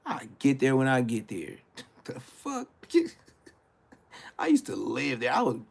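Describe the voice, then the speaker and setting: Running his own live stream, a man launches into a crude, rambling rant that trails off and begins again, moving between soft mutters and loud eruptions. He takes it slowly, with huge pitch swings and a creaky voice.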